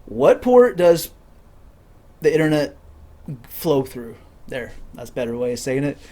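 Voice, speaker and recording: A young man telling rambling comic stories, laughing at his own jokes and acting out voices loudly. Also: mid-range voice, sing-song, measured pace. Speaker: comedian.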